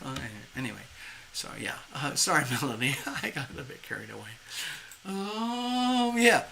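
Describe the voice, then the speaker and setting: This live tarot reading comes from a reader with a gravelly, mid-range voice at normal speed who rambles animatedly, voices the inner thoughts they describe, and laughs at their own humor. Slight background noise can be heard.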